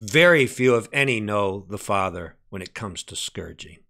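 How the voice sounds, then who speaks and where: A man preaching a sermon with fervor, dropping to hushed lines and rising to shouted peaks, often asking "Amen?". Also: animated, normal speed. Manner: fervent preaching, swinging from hushed low lines to shouted climaxes; calls out "Amen?" to the congregation.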